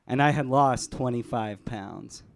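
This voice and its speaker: A man doing a live stand-up set in a club, deadpan, chuckling at his own jokes. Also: mid-range voice, unhurried, gravelly. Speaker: stand-up comedian. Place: comedy club stage.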